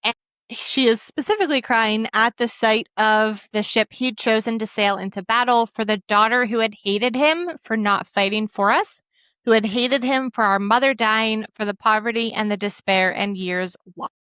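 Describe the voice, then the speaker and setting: A woman's voice: a little high, moderate pace, fairly bright tone, clean tone, no echo. A woman co-hosting a book podcast, retelling a fantasy novel's scenes in a casual, emotional way and quoting the characters' lines. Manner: emotional, laughs and chokes up while recounting. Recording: dull lo-fi dry audio.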